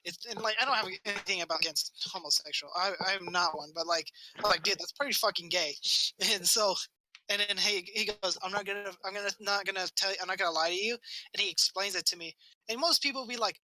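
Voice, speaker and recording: Bright-voiced man rambling through a story. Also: high-pitched, fast, a little hiss or hum, poor audio. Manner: rambling, swears a lot, acts out quotes. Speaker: podcast co-host. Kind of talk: casual storytelling chat.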